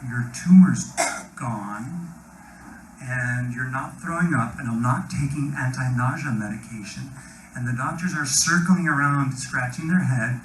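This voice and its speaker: A man with an American accent giving an animated personal testimony at a live event, acting out quoted dialogue, swinging between whispers and loud bursts. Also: mid-range voice. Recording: roomy hall sound with faint noise.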